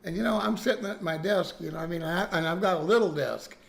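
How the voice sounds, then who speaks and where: A man's voice: high-pitched, quick pace, vocal fry. A man casually telling a story to his chat, rambling with restarts and frequent "okay?" checks. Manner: rambling, lots of restarts and "okay?" tag questions.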